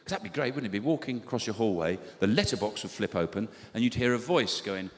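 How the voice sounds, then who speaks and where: A man in his forties from England doing a stand-up routine, with sardonic, deadpan storytelling and mock outrage. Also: on the low side, fast talker. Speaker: stand-up comedian. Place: large theatre stage before a live audience. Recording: long hall reverb, loud audience noise.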